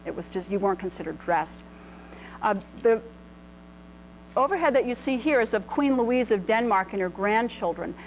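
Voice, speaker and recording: A woman's voice: mid-range voice, animated, moderate pace, pauses often, slight background noise, low-quality recording. A middle-aged woman presenting clothing history to a live audience, casual and full of ums and restarts, in a lecture room. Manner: chatty, many ums and restarts. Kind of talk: informal illustrated lecture.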